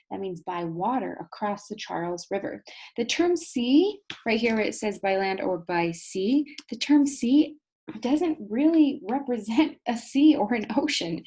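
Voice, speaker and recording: A woman teacher talks her students through a recorded video lesson. Her voice is slightly husky and sits at a mid pitch. She explains patiently and leans into key moments with storytelling emphasis. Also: warm tone.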